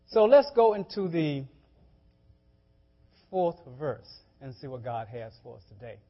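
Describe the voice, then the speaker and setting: A man's voice: on the high side, sing-song, measured pace. A man preaching a sermon, talking in a loose, conversational way, often repeating words and restarting. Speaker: pastor. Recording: dull lo-fi church audio.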